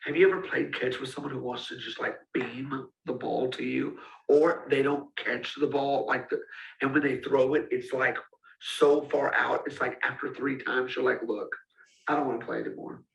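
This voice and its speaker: A man's voice: mid-range voice, level tone, moderate pace, creaky. A man giving a casual, direct teaching talk to student ministry leaders. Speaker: youth ministry coach. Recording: roomy, speaker far from mic.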